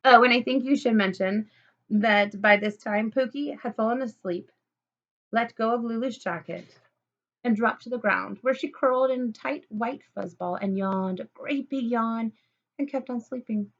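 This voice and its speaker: A woman's voice: fairly high pitch, moderate pace, highs cut off. Playful woman reading a children's book. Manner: playful, chatty asides to the listener. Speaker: storybook reader. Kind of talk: children's book read-aloud.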